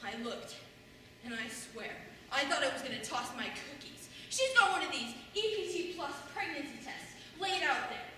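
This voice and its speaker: A woman's voice: high-pitched, big pitch swings, normal speed, sharp tone, full character voice. A young woman acting a wry, bitter middle-aged mother in a stage monologue, telling a story with sardonic humor and mimicking others. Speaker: student actor. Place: school stage in a large hall. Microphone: distant room mic. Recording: echoey hall from far off, faint noise.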